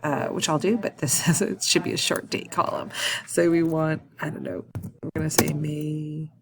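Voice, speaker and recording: Woman, low voice, slight vocal fry, screen-recorded tutorial, thinking aloud, frequent ums, self-corrections. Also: steady tone, normal speed, noisy background. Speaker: instructor.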